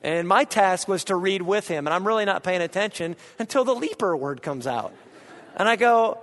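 Pastor, male, thirties, high voice, unhurried delivery with shouted peaks, long hall echo. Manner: animated preacher, bursts into shouts. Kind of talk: sermon.

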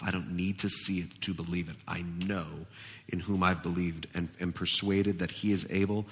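A man pastor preaching a sermon, animated and emphatic, in a church with a long reverb. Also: low-pitched, moderate pace, slightly rough.

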